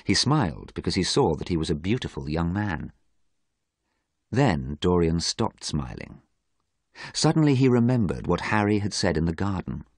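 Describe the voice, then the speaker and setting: A man narrates a graded-reader story at an even, careful pace. His voice sits low but moves a lot in pitch, with a slightly husky edge. The sound is close and dry. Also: normal speed, dry recording. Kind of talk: scripted audiobook narration for learners.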